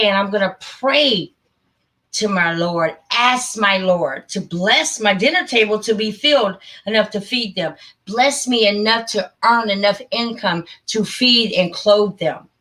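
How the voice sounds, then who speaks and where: A woman's voice: medium pitch, unhurried, bright, forceful tone. A middle-aged woman hosting a casual live stream, talking in a heartfelt, rambling and emphatic way. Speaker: channel host.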